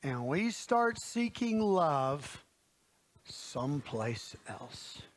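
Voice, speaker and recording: Animated, high-voiced folksy preacher man. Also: very slow. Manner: folksy, animated, talks to the congregation directly. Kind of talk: sermon. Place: church.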